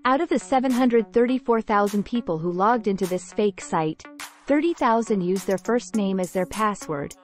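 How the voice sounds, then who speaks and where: A woman reads a book summary as scripted narration, with a measured and explanatory delivery. Her voice sits at an ordinary middle pitch for a woman. Soft music plays faintly underneath. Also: lively intonation.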